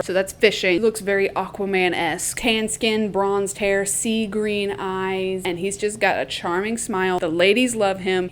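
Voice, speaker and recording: A woman's voice: mid-range voice, slight background noise. A young woman casually retelling a book plot, blunt and profane with joking asides. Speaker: book recap vlogger. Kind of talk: casual chatty plot recap.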